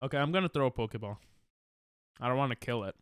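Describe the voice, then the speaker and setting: Casting note: sick New guy, livestreaming a game and joking with chat, smooth voice, very lively pitch, dry close mic. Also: fast talker, no room sound. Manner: casual, jokey, reads and answers chat. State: sick, coughing. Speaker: streamer. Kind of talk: live-stream gaming chat.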